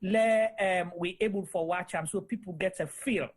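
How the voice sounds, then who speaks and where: Sierra Leonean interviewer, measured. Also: female voice, fairly low pitch. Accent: Sierra Leonean, mixing in Krio. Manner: measured, short affirming sounds. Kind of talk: interview host talk.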